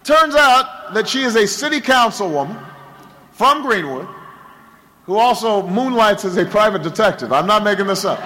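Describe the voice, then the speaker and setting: A man's voice: high voice, expressive, normal speed, pushed and bright, a little hiss or hum, low-quality recording. A man, a political candidate, giving a campaign rally speech, telling a story with lots of repetition and a rhetorical build, with stammered restarts.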